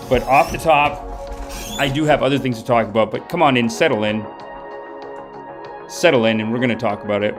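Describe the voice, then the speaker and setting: Rambling man hosting a mock-preachy livestream. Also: mid-range voice. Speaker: comedy livestream host. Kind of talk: mock-guru livestream banter. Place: home streaming setup.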